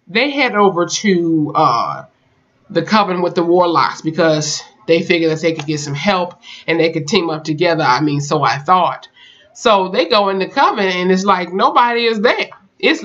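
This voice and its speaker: A chatty reviewer walks through a TV episode scene by scene, all slang and cursing, and slips into the characters' lines along the way. The voice sits at a mid pitch. The recording sounds dull and lo-fi. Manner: animated storytelling with slang and swearing; acts out characters' lines in quotes. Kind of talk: casual episode recap.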